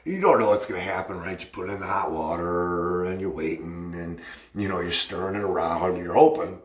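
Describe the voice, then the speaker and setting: Rambling, chuckling man in an echoey room. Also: medium pitch. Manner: rambling, laughing, self-mocking. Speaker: video host telling a personal story. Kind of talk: casual storytelling to camera.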